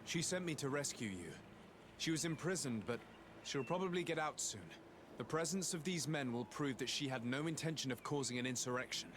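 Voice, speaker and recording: An actor playing a composed, resolute noble envoy, speaking in a measured, formal way in video game dialogue. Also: male voice, mid-range voice, animated, background noise, natural voice. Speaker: game protagonist. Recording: game audio with town ambience.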